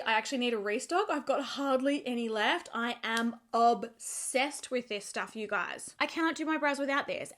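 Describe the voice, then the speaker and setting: A woman beauty vlogger reviews a product in a casual, chatty way, animated and emphatic, often repeating words for effect. Her voice is a little high.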